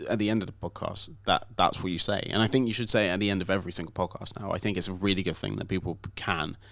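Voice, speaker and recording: Man, British accent, low voice, casual podcast chat, dry close sound. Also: fairly even intonation, very fast, creaky, a bit bright, dry recording. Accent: British English. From Britain. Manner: chatty, hesitant with many ums. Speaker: podcast co-host.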